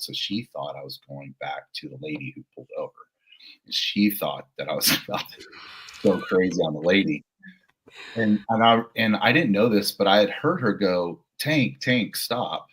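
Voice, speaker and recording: A middle-aged man with a deep, husky voice tells stories as a podcast guest. He rambles from one anecdote to the next in a relaxed, joking way. His stories are told like a cop's war stories. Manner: rambling, jokey anecdotes with laughs. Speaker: podcast guest, police officer. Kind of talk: storytelling interview.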